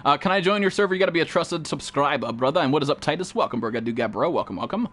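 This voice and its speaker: A man's voice: a little high, expressive, racing, fairly bright tone. A man live-streaming a game, chatting casually and profanely with viewers and greeting them by name.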